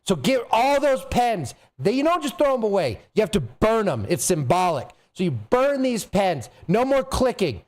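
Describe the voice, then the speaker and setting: Streamer guy going off in a fake-serious rant, high voice that jumps all over the place, really worked up. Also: very animated, moderate pace, hardly any pauses, darkish tone. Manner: theatrical, impassioned, getting worked up; coughs and trails off between thoughts. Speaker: livestream host. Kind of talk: mock-serious livestream rant.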